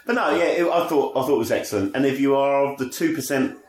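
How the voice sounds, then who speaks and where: A man's voice: medium pitch, fast. A man co-hosting a casual podcast chat, enthusiastic about what he recommends. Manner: enthusiastic, lively. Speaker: podcast co-host. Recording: echoey room.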